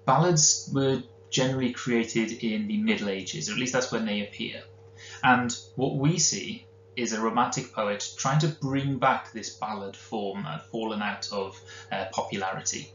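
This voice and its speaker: A man's voice: mid-range voice, normal speed, a bit bright. A man with a Welsh accent teaching a recorded literature lesson, explaining in a conversational way with the odd filler. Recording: roomy, dull lo-fi recording with faint hum.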